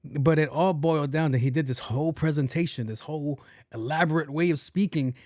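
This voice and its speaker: A man's voice: on the high side, fairly quick, darkish tone, dry recording, clean studio sound. A young man hosting a podcast, telling a story casually in a blunt, exasperated way with plenty of swearing. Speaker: podcast host.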